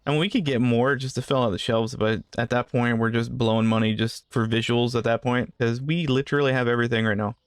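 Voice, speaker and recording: A man's voice: medium pitch, steady tone, fairly quick, few pauses, clean tone, dry recording, clean studio sound. A man giving casual gameplay commentary, rambling through asides and joking with the customers in the game. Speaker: gaming channel host.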